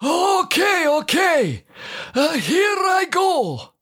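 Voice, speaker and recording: A woman voicing a bumbling married man in a scripted comedy sketch, speaking halting broken English full of "uh" fillers. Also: very high voice, big pitch swings, a bit bright, heavily acted. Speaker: co-host of a comedy show.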